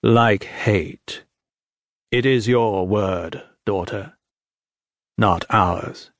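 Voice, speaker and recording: A man voicing a grim, weary father who speaks coldly and quietly. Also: lowish voice, drawn-out words, dry recording, clean studio sound. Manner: cold, quiet and flat.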